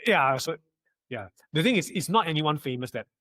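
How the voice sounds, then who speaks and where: A young man and podcast guest in casual chat, telling animated stories, acting out quotes and often stammering through restarts. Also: a little high, moderate pace, dry recording.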